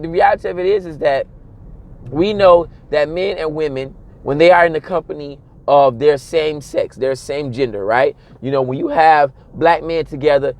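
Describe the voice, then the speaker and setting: A man, giving a casual, animated monologue and mimicking other people's voices along the way. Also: fairly high pitch. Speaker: commentator.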